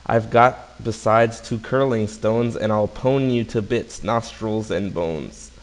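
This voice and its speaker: A man's voice: on the low side, slow, low-quality recording. A man voicing a big, bold male marmoset who boastfully challenges a monster.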